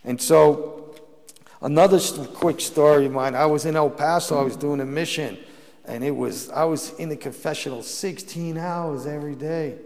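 A man's voice: mid-range voice, gravelly, darkish tone. Male priest preaching in a reverberant hall. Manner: storytelling preacher, rising emphatic bursts, frequent restarts. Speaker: Catholic priest preaching a mission. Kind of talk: sermon.

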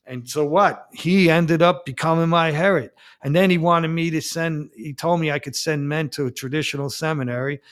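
A man, a Catholic priest, giving a personal testimony in a blunt, emphatic way and getting louder and higher when heated. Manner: blunt, emphatic storyteller who acts out quoted exchanges; rises in pitch and force when heated.

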